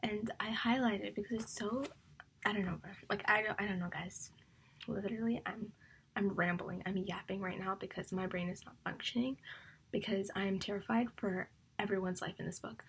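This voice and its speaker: With a steady, mid-range voice that's brisk and a bit bright, a young book vlogger chats about her reading, though a little hiss or hum is audible. She's rambling and emotional, often dropping into a whisper and leaning on "like" and other fillers.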